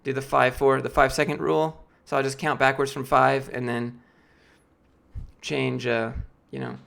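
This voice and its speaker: A late-twenties man from Georgia, US, is losing his voice as he rambles casually through questions from his live-stream chat, using lots of fillers and often restarting. His mid-range voice is a bit bright with vocal fry, delivered flatly at a moderate pace.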